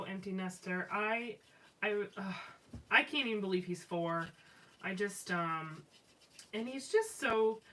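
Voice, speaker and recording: A woman's voice: medium pitch, a bit bright. A woman chatting casually and rambling as she scrapbooks live on a stream, with many fillers and restarts. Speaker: live-stream craft host. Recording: slightly distant mic with faint background noise.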